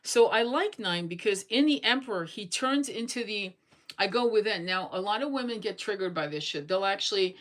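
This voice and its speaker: A woman's voice: mid-range voice, animated, brisk, fairly bright tone, low-quality recording. A woman giving a casual tarot reading, blunt and chatty, swearing freely as she goes through the cards. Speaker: tarot reader.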